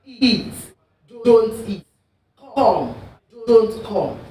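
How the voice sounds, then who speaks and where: A woman's voice: medium pitch, big pitch swings, extremely slow, warm tone. A woman teaches a classroom lesson, walking learners through examples and often asking if they are with her. Her voice rings around a roomy space. The mic is set some distance away from her. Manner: patient, repeats examples and checks understanding. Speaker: Igbo language teacher.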